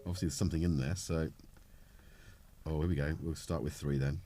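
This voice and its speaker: A man's voice: a bass voice, steady tone, fairly quick, loud music behind the voice. A middle-aged man with a cold, chatting casually on a live stream as he fiddles with his gear, rambling and poking fun at himself. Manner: rambling, self-mocking, talks while tinkering. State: has a cold. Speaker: livestream host.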